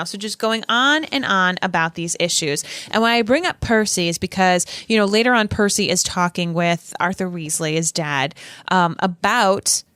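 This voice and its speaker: A woman's voice: on the low side, normal speed, a bit bright, clear, resonant tone, dry recording. A woman co-hosting a podcast in casual chat, talking chattily with many fillers. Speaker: podcast co-host.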